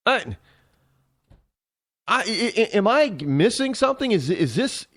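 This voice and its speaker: A man's voice: high-pitched, big pitch swings, measured pace, a bit bright. A man hosting a talk radio show, delivering a sarcastic, rambling opinion monologue full of restarts and fillers.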